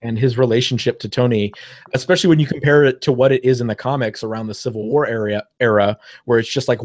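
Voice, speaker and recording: A man's voice: mid-range voice, steady tone, fast. A man co-hosting a casual podcast, talking through comics and films in a thoughtful, hesitant way with many fillers, over a remote call. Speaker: podcast co-host. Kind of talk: casual chat about comics and film.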